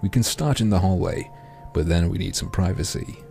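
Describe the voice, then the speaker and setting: A man voicing a flamboyant, creepy male pheasant artist, speaking slowly and hushed with theatrical politeness. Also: low-pitched, vocal fry, faint music behind. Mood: silky menacing. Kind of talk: game dialogue read-aloud.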